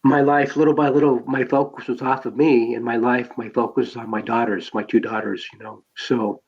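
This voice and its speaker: Man from Southern California, mid-pitched, talks through his past in a loose, rambling way, dull lo-fi sound. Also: fairly even intonation, a little fast, darkish tone, husky. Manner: rambling storyteller, many fillers and restarts. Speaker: podcast guest. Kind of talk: personal life story told in conversation.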